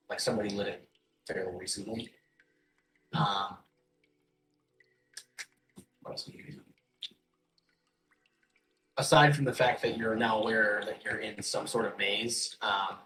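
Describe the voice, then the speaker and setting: A man running a tabletop game as game master, describing scenes in loose, halting speech full of fillers. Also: lowish voice, noisy background.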